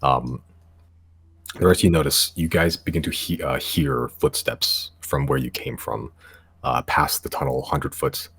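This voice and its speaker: A man's voice: very deep voice, measured pace, creaky, a bit bright, breathy edge. A man narrating as game master in a tabletop game, with a casual, hesitant delivery full of fillers.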